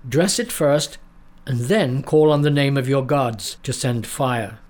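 A man voicing a bold, defiant male prophet in a storybook reading, speaking in a booming, solemn, slow proclaiming way. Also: darkish tone, close to an everyday voice. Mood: commanding.

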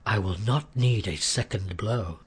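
A bold young warrior, as a male storyteller voices him. He speaks in a hushed, husky whisper and sounds eager. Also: on the low side, measured pace, voice pushed down.

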